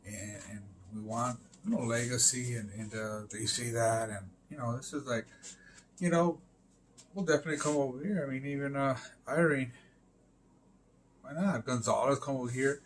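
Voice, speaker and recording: Rambling man swearing, faint background hum. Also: moderate pace. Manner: rambling, filler-heavy, swears, emphatic "boom" interjections. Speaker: live stream host. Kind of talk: casual rambling monologue.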